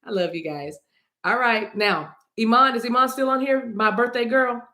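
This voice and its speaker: A woman's voice: on the high side, moderate pace, pushed and bright, reverberant. A woman reading cards on a livestream, talking casually and playfully to her viewers and breaking into song now and then. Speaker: livestream card reader.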